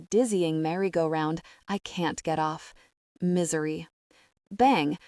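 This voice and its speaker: A woman narrating a first-person romance audiobook in a measured, wry way. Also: on the low side, darkish tone, no echo, clean studio sound.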